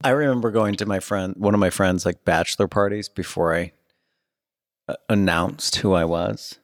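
A middle-aged man in casual chat, telling animated stories and swearing freely. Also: low-pitched, normal speed, no echo, studio quality. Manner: animated storyteller, swears, acts out dialogue. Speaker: podcast co-host.

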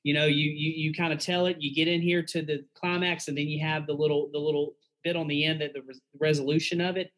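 A man's voice: fairly high pitch, little pitch movement, quick pace, few pauses, a bit bright, low-quality recording. A man, a pastor and guest, giving frank, earnest advice in a casual conversational way.

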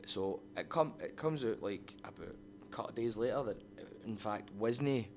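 A man with a Scottish accent, guest in an interview, telling rambling, animated anecdotes full of "like"s. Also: on the low side, normal speed, background noise. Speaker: wrestling promotion owner, guest. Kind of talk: casual storytelling interview.

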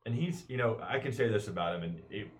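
A man's voice: fairly low pitch, animated, fast. A man co-hosting a podcast, a former player who talks in a laid-back way, mostly with short agreeing replies. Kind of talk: casual podcast chat.

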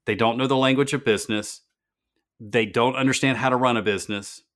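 Speaking a little fast in a steady, slightly bright mid-range voice, a man hosts a business podcast. He tells stories earnestly and leans on repeated words for emphasis.

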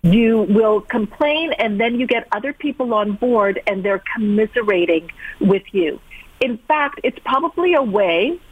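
A woman with a fairly high voice comes through a tinny, dry telephone line. She is a guest coach who answers questions in a direct, emphatic way. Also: expressive, measured pace, slightly rough, dry recording. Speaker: guest, peak performance coach. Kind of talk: interview answers.

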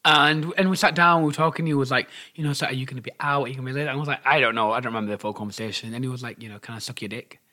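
Bright-voiced young man telling a story. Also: medium pitch, rapid-fire, hardly any pauses. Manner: animated, acts out quotes, laughs while telling. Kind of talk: casual storytelling chat.

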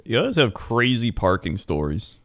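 A man's voice: on the low side, very animated, normal speed, fairly bright tone. A man in casual chat who mostly reacts to a story with short remarks and laughs.

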